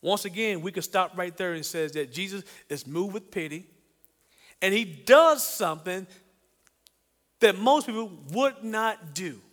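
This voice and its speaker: A man preaching a sermon in an animated way, asking the congregation questions and acting out the voices he quotes. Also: high voice, a little slow, big-room sound. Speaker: pastor.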